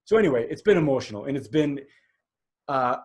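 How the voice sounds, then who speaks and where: A man's voice: medium pitch, expressive, a little fast. A man in his forties hosting a solo podcast, talking candidly and rambling, with many fillers and restarts. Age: 40s. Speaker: podcast host.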